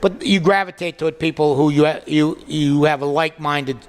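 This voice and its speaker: A man's voice: fairly high pitch, fairly quick, clear, resonant tone. An older man with a Boston accent, hosting a casual comedy chat in a wry, agreeable way. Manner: wry, chatty, agreeable, with frequent "right". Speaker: comedy show host. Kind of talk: casual conversation.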